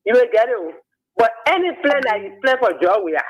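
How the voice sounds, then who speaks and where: A man's voice: very high voice, sing-song, brisk, muffled recording. A man with a Liberian English accent calling in, effusive and rambling as he praises the host. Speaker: caller.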